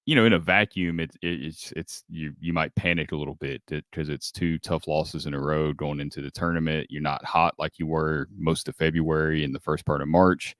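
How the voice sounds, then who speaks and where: A man co-hosting a sports podcast, giving measured, explanatory analysis in casual talk. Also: extremely low pitch, fairly even intonation, fairly bright tone, no room sound, clean studio sound. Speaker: podcast co-host.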